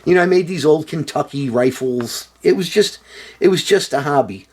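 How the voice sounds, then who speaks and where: A man's voice: on the high side, moderate pace, a little mellow, slightly rough. A man vlogging in a casual, rambling monologue, sarcastic and profane with lots of fillers.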